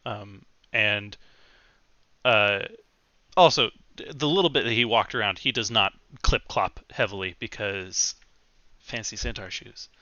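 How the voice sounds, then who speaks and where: Slow, halting game master man. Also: fairly low pitch, pushed and bright, dry recording, lo-fi sound. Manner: slow, halting narration with many fillers. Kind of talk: narrating a tabletop game.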